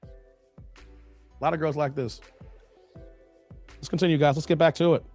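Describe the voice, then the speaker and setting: A man's voice: a little high, fairly even intonation, measured pace, darkish tone, soft background music. Chatty male livestream commentary host. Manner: chatty, reads chat aloud, repeats phrases. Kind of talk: livestream commentary reacting to clips.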